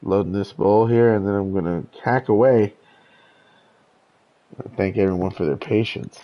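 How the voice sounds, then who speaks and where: A man's voice: lowish voice, moderate pace, highs cut off. A young man telling a story in casual chat, rambling and profane, with lots of stammered restarts. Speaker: podcast host telling a story.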